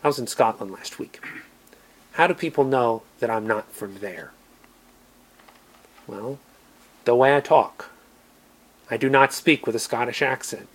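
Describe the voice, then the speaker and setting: An American man preaching a sermon, earnest, moving between emphatic lines and quiet ones. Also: medium pitch, a little slow, long pauses, breathy edge. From United States.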